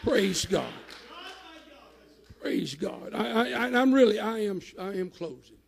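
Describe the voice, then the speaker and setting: A man preaching a sermon in a church, shouting at his peaks and dropping low in between. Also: lively intonation, takes it slowly, gravelly, long reverb tail, some chatter behind. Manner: rising to shouted climaxes, then dropping low. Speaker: pastor. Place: church sanctuary.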